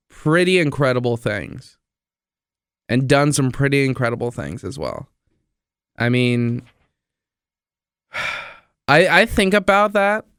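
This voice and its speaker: A young man, a podcast host and radio DJ, gives a casual solo monologue full of enthusiastic rambling and repetition. His voice has a medium pitch and a fairly bright, clean tone, with studio-quality audio and no room sound.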